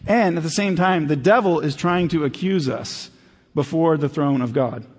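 A man preaching a sermon as pastor, in a conversational way that drops low and quiet for emphasis. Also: normal speed, slightly rough, in a large hall.

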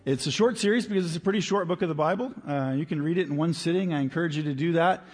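Male pastor, sermon delivery, husky tone, emphatic and conversational, long church reverb. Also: fairly high pitch. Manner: conversational, emphatic, stretches key words slowly. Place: church sanctuary.

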